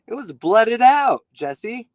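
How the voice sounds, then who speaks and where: A man calling in to a sports show, talking in an earnest, excitable way and repeating himself for emphasis. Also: extremely high pitch, slow pace, no room sound, poor audio. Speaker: caller, football fan. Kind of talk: call-in conversation.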